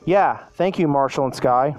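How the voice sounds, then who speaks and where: A man voicing an excitable young male puppy for a storybook reading, lifting his voice higher and louder as the pup yelps and cries out in alarm. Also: normal speed, natural voice. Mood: flustered.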